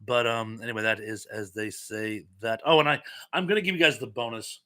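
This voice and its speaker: A man hosts a relaxed live-stream chat, quizzing viewers on trivia between lively stories. His voice is bright and forceful, and he pokes fun at himself as he talks. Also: fairly low pitch, fairly quick. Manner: animated, chatty storyteller with self-mocking asides.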